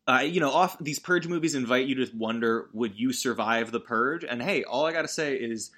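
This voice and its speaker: A man's voice: medium pitch, moderate pace, pushed and bright. A man hosting a comedic movie recap, talking in a rambling, self-interrupting, joking way.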